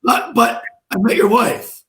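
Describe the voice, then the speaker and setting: A man hosting a casual interview over a video call, with an excitable, easygoing manner. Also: very high-pitched, a little slow, echoey room, low-quality recording. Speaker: interview host.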